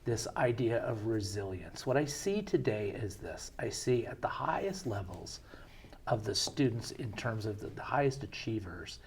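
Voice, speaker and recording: A man's voice: fairly low pitch, expressive, normal speed, a little mellow, husky. A middle-aged man hosting an interview show, asking questions and telling anecdotes in a chatty, conversational way. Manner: conversational storyteller, chatty with fillers. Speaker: show host.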